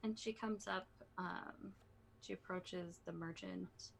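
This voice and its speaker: A woman's voice: lowish voice, fairly even intonation, slow pace, vocal fry, low-quality recording. A woman player casually narrating her character's actions in a tabletop game, a little hesitant. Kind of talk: tabletop role-play narration.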